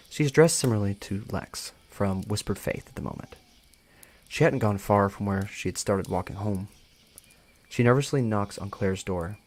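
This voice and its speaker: A man hosting a live reading, excitable and chatty, often breaking into giggles between narrating. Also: on the low side. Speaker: host reading a story aloud. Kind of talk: live casual reading with chat.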